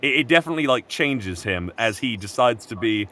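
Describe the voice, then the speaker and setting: A man excitedly retelling an anime plot in casual chat, swearing freely along the way. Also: mid-range voice, brisk. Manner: excited, profane storytelling. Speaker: co-host.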